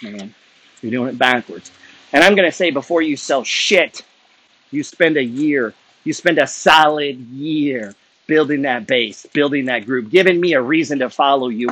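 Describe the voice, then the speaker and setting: A middle-aged man creating wealth-building content delivers an unscripted rant to camera in a medium-pitched, expressive, fairly bright voice with a breathy edge at normal speed. He lectures his viewers bluntly and profanely about building wealth, growing more heated as he goes.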